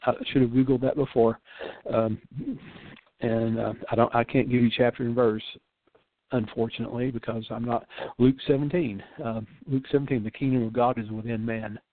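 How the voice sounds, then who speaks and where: A man's voice: medium pitch, fairly even intonation, normal speed. An older man, a pastor, giving an earnest sermon-style radio talk and repeating phrases for emphasis. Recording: phone-like dry line.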